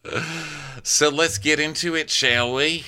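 A man's voice: a little high, measured pace, smooth. A man co-hosting a podcast, chatting casually about reality shows and laughing often. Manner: animated, laughs often, acts out quotes in exaggerated voices. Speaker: podcast co-host. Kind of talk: casual recap chat.

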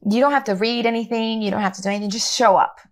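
Middle-aged actress guest, animated anecdote teller, playful with quoted lines. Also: female voice, fairly high pitch, rapid-fire. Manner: animated, acts out quoted dialogue, laughs often. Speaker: actor guest. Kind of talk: casual storytelling interview.

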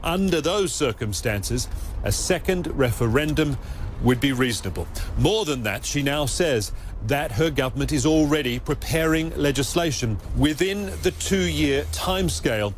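A man delivering a formal broadcast news report in a measured voice. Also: fairly high pitch, lively intonation. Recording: news clip with faint background noise.

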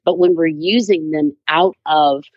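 A woman's voice: low-pitched, a little slow, no echo. Chatty woman author, dull dry sound. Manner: animated, chatty, many "like"s and playful put-on voices. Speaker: author and guest. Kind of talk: casual interview chat.

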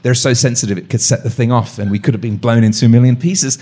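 A man telling a story as a guest on a live talk show, animated, with voiced quotes and frequent restarts. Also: medium pitch, fast talker, breathy edge. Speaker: guest, meteorite hunter. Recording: live audience event.

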